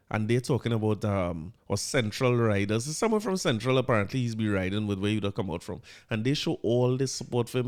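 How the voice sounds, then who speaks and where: A Trinidadian man talks on his own podcast in a loose, rambling way. He keeps restarting his sentences and drifts easily into local dialect. His voice sits at an ordinary middle pitch. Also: a little mellow. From Trinidad and Tobago. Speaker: podcast host. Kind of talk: casual monologue.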